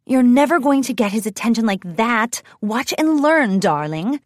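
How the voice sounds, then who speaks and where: An elegant, theatrical female pony from a storybook, as a woman reader puts her on. She trills her words in a refined way, her pitch high and leaping about. The sound is close and dry. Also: sing-song, a little slow, dry recording. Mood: haughty.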